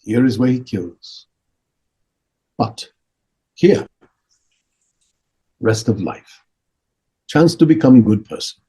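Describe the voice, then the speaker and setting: A man voicing a gentle, wise elderly monk who speaks slow, halting broken English in a calm teaching tone. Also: medium pitch, breathy edge, full character voice.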